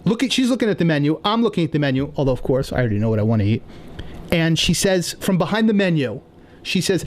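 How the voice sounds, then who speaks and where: A man from New York telling comic stories in an indignant, animated rant on a podcast. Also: on the high side, quick pace. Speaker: comedian podcast host.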